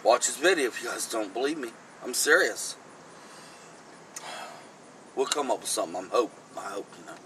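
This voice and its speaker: A man's voice: mid-range voice, lively intonation, moderate pace, pauses often, pushed and bright, slight background noise, rough recording. A man hosting a comic vlog skit, rambling and acting out phone calls. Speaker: comedy vlog host.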